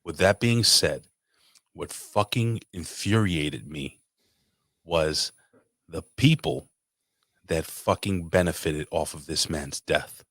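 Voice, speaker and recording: Low-voiced, swearing man ranting. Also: slow, long pauses, a bit bright, no echo, studio quality. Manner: profane ranting. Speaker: podcast co-host. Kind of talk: casual chat.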